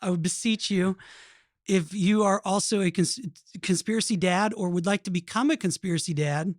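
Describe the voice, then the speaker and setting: A man's voice: sits high, normal speed, no room sound. Man, podcast host, earnest rambling talk, dry close sound. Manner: earnest, rambling, with frequent restarts. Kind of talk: casual chat.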